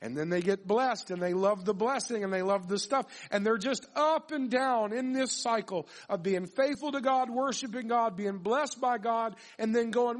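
A man's voice: high voice, normal speed, hardly any pauses. A man preaching a sermon, reading scripture aloud and then building his points with repetition and questions to the congregation.

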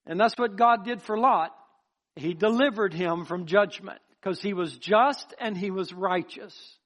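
High-voiced man preaching with passion. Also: unhurried, a bit bright. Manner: impassioned, repetitive preaching cadence; tells personal testimony. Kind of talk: sermon.

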